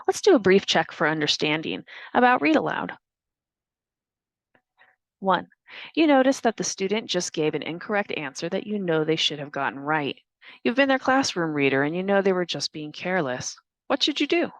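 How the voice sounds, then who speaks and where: A woman narrating a staff training on reading test items aloud, in a clear, deliberate instructional manner. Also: fairly low pitch, lively intonation, no echo.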